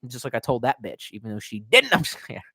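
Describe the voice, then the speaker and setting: A man's voice: medium pitch, huge pitch swings, fast talker, bright, forceful tone, breathy edge, no echo, studio quality. A young man ranting casually to his live chat, profane and rambling. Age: young adult. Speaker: live streamer.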